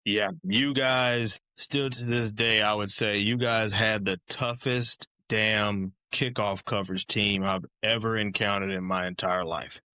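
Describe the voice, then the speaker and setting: A man's voice: fairly low pitch, unhurried, few pauses, clear, resonant tone, dry recording. A man, a former college football player, telling casual stories as a podcast guest and often adding "man". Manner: animated, keeps saying "man". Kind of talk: casual storytelling.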